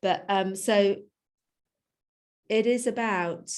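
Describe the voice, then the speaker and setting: A woman's voice: medium pitch, fairly even intonation, takes it slowly, darkish tone. A woman in her fifties, a coaching client who talks things through openly, laughing often and trailing off to restart her thoughts. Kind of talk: reflective conversation.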